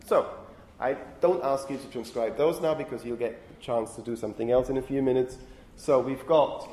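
A man's voice: medium pitch, expressive, normal speed, dark tone. Man lecturing in an echoey room. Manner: explanatory, repeats "okay?" to check understanding. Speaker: linguistics lecturer. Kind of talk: university lecture. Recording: echoey room with faint ambient noise.

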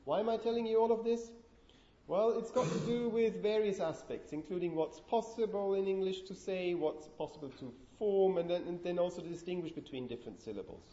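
A man lectures on linguistics in a mellow, slightly high voice, explaining step by step and testing the class with questions. The recording is roomy and a little dull, as if taken in a lecture room. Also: expressive, a little fast. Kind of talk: university lecture.

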